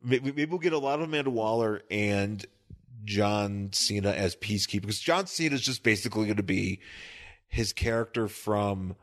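A man's voice: lowish voice, normal speed, fairly bright tone. A man co-hosting a podcast in casual chat, rambling and joking, often laughing at his own riffs. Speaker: podcast co-host.

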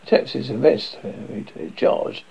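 A man's voice: medium pitch, animated, moderate pace, vocal fry, darkish tone. A man reading a script aloud, plainly voicing the stage directions. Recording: dull lo-fi recording.

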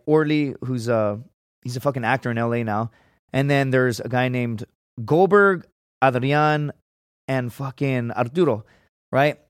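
A man's voice: medium pitch, no echo, studio quality. Rambling, profane man from south Texas. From Laredo, Texas. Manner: rambling, heavy swearing, frequent "right?" and "dude". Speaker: podcast guest. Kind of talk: casual storytelling.

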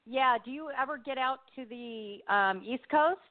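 A woman's voice: high voice, moderate pace, a crowd in the background. A woman hosting an interview, reacting with enthusiasm and asking short questions. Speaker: interview host. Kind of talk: casual interview chat. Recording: tinny phone line, dry.

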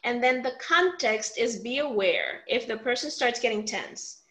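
A woman coaching a workshop on tough family conversations, her voice sitting a little high. She talks in an animated way, voices the example lines herself, and keeps checking in with "right?". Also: unhurried, rough recording. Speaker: communication coach. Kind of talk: teaching a workshop talk.

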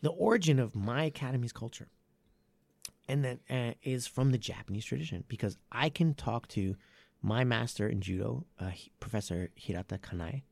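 Gravelly-voiced man talking martial arts. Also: medium pitch, moderate pace, dry recording. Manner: rambling, self-correcting, animated when making a point. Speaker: martial arts academy owner and podcast host. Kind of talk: casual podcast chat.

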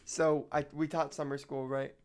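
A man, a teacher, co-hosting a podcast and telling classroom stories with animated, laughing delivery. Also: on the high side, moderate pace, clear, resonant tone. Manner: animated storyteller, laughs along. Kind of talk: casual storytelling.

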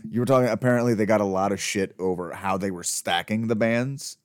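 A man in his thirties co-hosting a casual podcast, given to stammered restarts and dry, deadpan jokes. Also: on the low side, fairly quick, no room sound. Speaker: podcast co-host. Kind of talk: casual chat.

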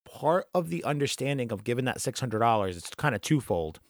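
A man hosting a casual political podcast, talking fast and emphatically and swearing freely. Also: medium pitch, big pitch swings, dry recording, studio quality. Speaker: podcast host.

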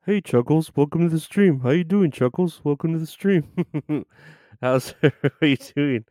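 A man's voice: fairly high pitch, moderate pace, dark tone, no echo. A man hosting a live stream, greeting viewers by name in loose, profane chat with frequent laughs.

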